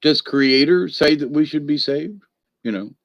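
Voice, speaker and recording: A man from the northern United States hosts a rambling spiritual livestream, reading viewer comments and greeting people by name in a folksy, feisty way. He laughs often, and his voice sits on the high side with some vocal fry and a slightly slow pace. There's no echo.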